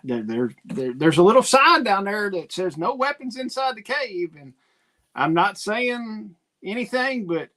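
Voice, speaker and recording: A man's voice: sits high, sing-song, measured pace, pushed and bright. A man chatting casually on a livestream, laid-back and rambling as he thinks aloud.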